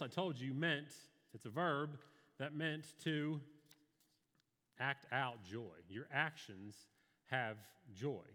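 A man preaches in an earnest, conversational way, telling personal stories to a live congregation. His pitch rises and falls a great deal, and his voice carries through a hall with a long, ringing reverb. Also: a bit bright. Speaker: pastor. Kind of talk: sermon.

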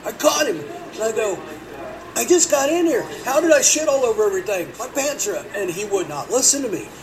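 A middle-aged man rambles through a crude story with plenty of swearing, his voice sitting a little high. He sounds set back from the mic, with steady noise underneath. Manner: rambling, profane, animated when quoting. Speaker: podcast host. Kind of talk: casual storytelling. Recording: distant mic with background noise.

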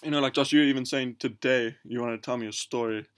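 A man's voice: medium pitch, fairly even intonation, fast talker, a little hiss or hum. Chatty young South African guy. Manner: chatty, fills talk with "you know" and "dude". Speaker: podcast co-host. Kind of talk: casual chat.

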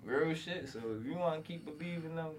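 A man's voice: a little high, fairly even intonation, fairly quick, recorded from a distance, noisy background. A man hosting a casual interview, speaking bluntly and heatedly with heavy slang and profanity. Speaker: podcast host.

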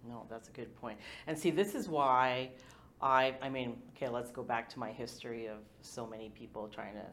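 A woman's voice: rumbling low, moderate pace, fairly bright tone. A woman hosting a podcast interview, talking in a chatty, rambling way with plenty of fillers. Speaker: podcast host. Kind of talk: casual interview chat.

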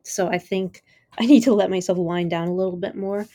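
On her solo podcast, a woman chats casually, rambling with enthusiasm and amused easily, saying "like" and "you know" a lot. She speaks brisk and warm, lowish in pitch with fairly even intonation, and there's no echo.

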